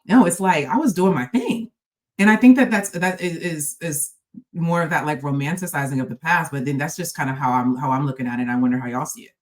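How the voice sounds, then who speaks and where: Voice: mid-range voice, a little fast. A reaction video host commenting casually to viewers, chatty and loose. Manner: talks straight to viewers, chatty, trails off and restarts.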